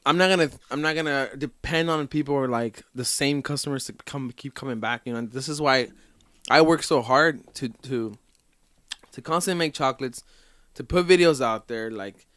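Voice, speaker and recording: A man's voice: mid-range voice, normal speed, bright, forceful tone, no echo, studio quality. A man chatting casually as a podcast guest, rambling loosely with lots of fillers.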